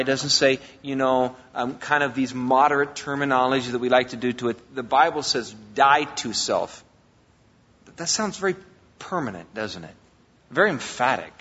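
A man preaching a sermon as a pastor, emphatic, swinging between loud and quiet. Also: on the high side, husky. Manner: emphatic preaching, rises and drops in volume. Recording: long hall reverb, dull lo-fi sound.

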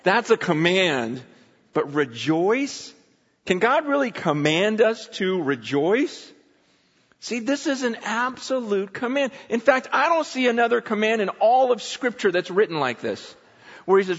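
A man preaching a sermon in a church, conversational and animated, often acting out voices from the text. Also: high voice, unhurried, breathy edge. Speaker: pastor. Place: church sanctuary. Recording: muffled hall recording with long reverb.

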